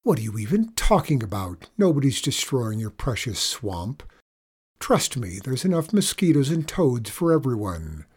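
A man's voice: medium pitch, big pitch swings, moderate pace, darkish tone, breathy edge. A man voicing a mocking, dismissive teenage older sister. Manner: sarcastic, dismissive.

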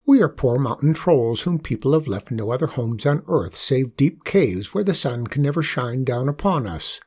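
A man voicing a friendly little old male mountain troll who speaks in a shrill, excitable voice. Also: normal speed, breathy edge. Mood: eager.

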